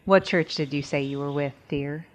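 A woman's voice: low-pitched, normal speed, lightly acted. A woman playing a doting older churchgoing hostess in an audio drama. She keeps calling her guest dear and honey. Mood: sweet. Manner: sugary, calls the visitor dear and honey.

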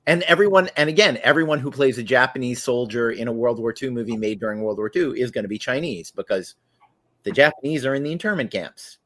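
Man in an animated podcast chat. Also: medium pitch, quick pace. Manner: animated, laughing, restarting phrases. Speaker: podcast guest or host, artist.

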